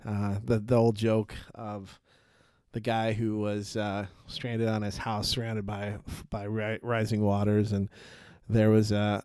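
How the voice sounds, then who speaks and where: Fairly low-pitched and a little mellow, this man's voice is clear and resonant as he hosts a casual faith podcast. He tells a Bible story in a rambling way, acting out the dialogue, restarting often, using many fillers, and laughing at his tangents. There's no room sound, just clean studio audio.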